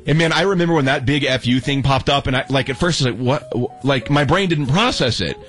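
A young adult man telling a story in casual chat, animated and acting out the quotes, with many restarts. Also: medium pitch, fast, faint music behind. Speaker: storyteller guest.

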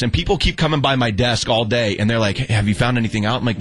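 A young adult man tells a long story in casual chat, animated and acting out every quote, stumbling over restarts. His voice sits at a middling pitch. Faint music plays behind him. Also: rapid-fire, hardly any pauses. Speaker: storyteller guest.

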